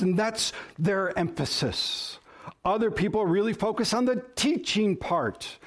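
A man's voice: high-pitched, animated, normal speed. A man preaching a sermon as pastor, emphatic, shifting his stress and pace to drive points home.

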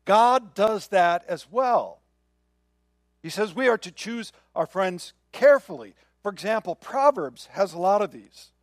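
A man's voice: high voice, lively intonation, a little slow, no echo, clean studio sound. An older man preaching a sermon in a conversational way, often checking in with the listeners. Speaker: pastor.

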